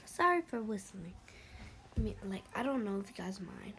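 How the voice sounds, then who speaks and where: A woman hosting an ASMR mobile game playthrough, speaking softly and sometimes whispering as she reads the game chat aloud. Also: mid-range voice, expressive, normal speed, very noisy. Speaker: ASMR channel host.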